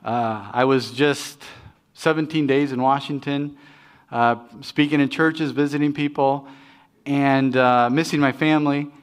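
A man's voice: mid-range voice, steady tone, measured pace, smooth. A middle-aged man preaching as pastor, talking in a conversational, self-deprecating way with frequent restarts. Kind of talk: sermon with personal stories.

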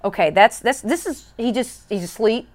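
Lady podcast host, lively, acts out the story, lots of restarts. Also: a little high. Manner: animated, acts out scenes, quick restarts. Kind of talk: casual faith chat. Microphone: studio microphone.

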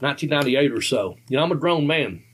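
A man's voice: mid-range voice, expressive, fast, breathy edge. A man in his fifties telling road stories in casual talk, rambling and laughing often, with loose colloquial grammar. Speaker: podcast host telling stories. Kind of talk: casual storytelling chat.

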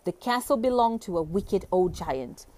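A woman reading a fairy tale aloud with expressive, animated storybook delivery. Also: medium pitch, moderate pace, no echo.

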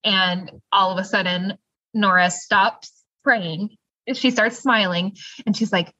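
A woman co-hosting a podcast, retelling a TV episode in lively, casual chat and laughing easily. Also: medium pitch, no room sound. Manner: lively storyteller, quick laughs. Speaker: podcast co-host. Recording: dull lo-fi dry sound.

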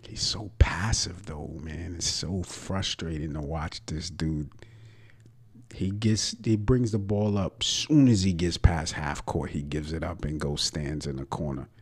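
This is a young man ranting on a sports podcast. His voice is very deep and husky, and he talks at an unhurried pace. He is brash and profane, mocking his own teams' players.

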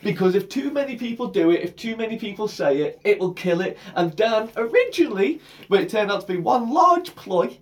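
A man's voice: high-pitched, very animated, brisk, far from the mic. A man co-hosting a comedy podcast, joking in a mock-grand way and repeating bits for laughs. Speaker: podcast co-host. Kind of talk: casual comedy banter.

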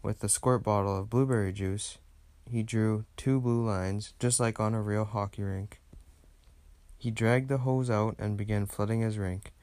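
A man with a lowish voice reads a children's picture book aloud at a gentle, steady pace. The recording is dry and close, with no room sound. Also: a little slow, dry recording. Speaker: narrator. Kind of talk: children's storybook read-aloud.

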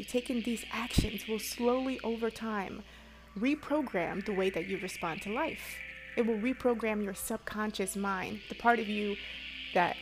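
A woman's voice: on the high side, poor audio. A woman giving a motivational self-help talk to her viewers, earnest and coaching, repeating key phrases for emphasis. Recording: clear music bed behind voice.

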